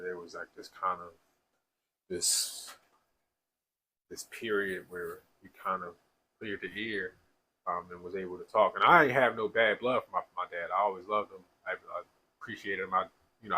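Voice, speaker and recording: A man's voice: deep voice, steady tone, moderate pace, sharp tone, a little hiss or hum, rough recording. A man in casual, slangy conversation, telling an emotional personal story through tears, with many restarts. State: tearful. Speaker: speaker sharing his life story.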